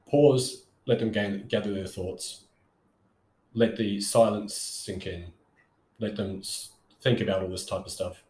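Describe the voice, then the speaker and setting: A man's voice: on the low side, steady tone, unhurried, a little mellow, roomy sound. A man talking as a sales coach in a casual coaching monologue, conversational and full of fillers and restarts.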